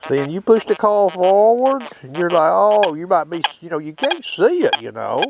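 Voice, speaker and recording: In a low-quality recording, a metal detecting host with a high voice, big pitch swings, and vocal fry talks at normal speed, a crowd audible in the background. He demonstrates his detector in a folksy manner, stopping to check in with viewers over loud detector tones.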